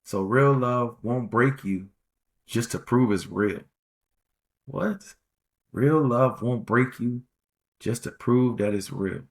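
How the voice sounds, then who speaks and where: A man's voice: medium pitch, slow pace, pauses often. A man hosting a podcast, giving casual relationship advice in a rambling, slangy way and repeating phrases for emphasis. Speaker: podcast host.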